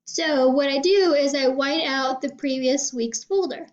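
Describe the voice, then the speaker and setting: A woman's voice: high voice, a little slow. A woman cosmetology teacher casually walking through her weekly lesson planning, often checking in with "okay?". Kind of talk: casual screen walkthrough. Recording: dull lo-fi sound.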